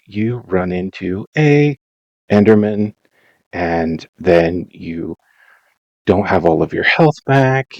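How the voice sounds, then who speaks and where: A man's voice: fairly low pitch, darkish tone, no room sound, dull audio. A man narrating his own gameplay in a rambling, self-mocking, dramatized way, in a casual voice-over. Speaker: Minecraft let's-play narrator.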